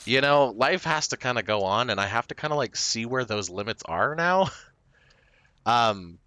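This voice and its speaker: Rambling male streamer, lively pitch. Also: moderate pace, dry recording. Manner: rambling, self-deprecating, lots of fillers and restarts; breaks into short laughs. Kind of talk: casual chat to stream viewers.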